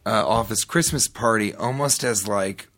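A man with a fairly low voice shares a long anecdote as a talk show guest. His delivery is loose and rambling, full of restarts and side comments, with the casual feel of a conversation. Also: normal speed, a bit bright. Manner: rambling, with frequent restarts and asides.

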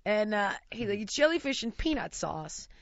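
Animated woman telling a story. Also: medium pitch, moderate pace, no echo. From United States. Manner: animated, laughing storyteller who mimics voices. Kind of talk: casual anecdote. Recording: dry, slightly dull lo-fi recording.

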